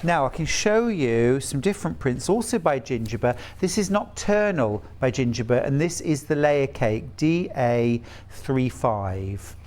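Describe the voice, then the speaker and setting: A man's voice: mid-range voice, expressive, a little slow, a little mellow. A middle-aged man from the UK presenting fabrics on a live shopping channel in a chatty, gushing, enthusiastic way.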